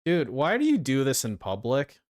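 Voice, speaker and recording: A man's voice: mid-range voice, huge pitch swings, moderate pace, slight background noise. A man streaming, reacting to videos in crude, sarcastic, swearing commentary.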